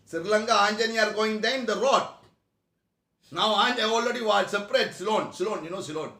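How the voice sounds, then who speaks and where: A man's voice: high-pitched, a little fast, bright, forceful tone, roomy sound. A man giving a spiritual discourse to a class in broken English, often asking the listeners questions. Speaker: spiritual teacher. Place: meeting room.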